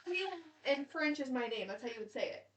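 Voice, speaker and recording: A woman's voice: high-pitched, animated, fast. A woman in her late twenties co-hosting a podcast, chatting casually in a blunt, jokey way and swearing freely. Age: late 20s. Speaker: podcast co-host. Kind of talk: casual chat.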